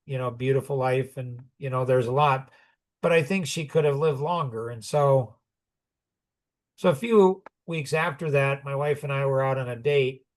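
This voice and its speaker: A man's voice: medium pitch, steady tone, normal speed. A man in his sixties telling personal stories in conversation, rambling and reflective, often restarting and chuckling. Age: 60s.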